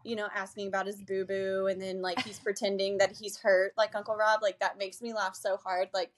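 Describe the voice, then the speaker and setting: Chatty, energetic young woman. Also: medium pitch, brisk. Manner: chatty, energetic, laughs often. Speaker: podcast co-host. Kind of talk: casual chat.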